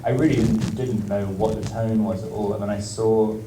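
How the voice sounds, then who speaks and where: A man's voice: on the low side, fairly even intonation, moderate pace, background noise. English guy at a q&a, kinda hesitant, lots of ums, echoey hall, mic far off. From England. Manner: hesitant, many ums, laughs often. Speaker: actor interviewed at a film Q&A. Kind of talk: casual stage Q&A. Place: large screening hall with audience.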